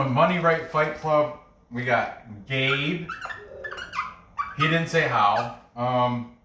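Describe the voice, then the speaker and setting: A man's voice: mid-range voice, extremely slow, reverberant, far from the mic, background noise. A man hosting a casual podcast about fight picks, rambling with frequent laughs and restarts. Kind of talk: casual chat.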